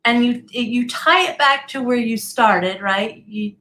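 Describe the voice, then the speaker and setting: A woman's voice: a little high, measured pace, sharp tone. A woman hosting a podcast interview, responding to her guest in an enthusiastic, affirming way with frequent tag questions. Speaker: podcast host. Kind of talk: casual interview chat.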